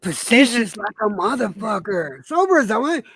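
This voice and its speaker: A man's voice: sits high, moderate pace, breathy edge, dry recording. A man hosting a live stream, stammering and teasing his guests. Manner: animated, stammering, laughing teasingly. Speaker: stream host. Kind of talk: casual stream chat.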